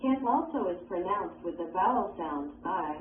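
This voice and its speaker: A woman reading an English textbook lesson aloud in a measured, instructional way. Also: fairly low pitch, lively intonation. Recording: tinny phone-like sound, distant, roomy, faint hiss.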